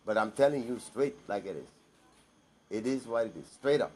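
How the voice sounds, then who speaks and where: A man's voice: medium pitch, expressive, normal speed, darkish tone. A man giving a blunt, emphatic personal monologue to camera, repeating himself for stress.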